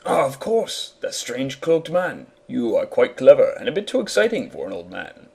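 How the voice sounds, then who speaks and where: A man's voice: mid-range voice, wildly swooping pitch, moderate pace, gravelly, darkish tone, slightly rough, exaggerated voice. A man voicing a kind old male shopkeeper in a fan reading of a game, with polite, formal speech. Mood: alarmed.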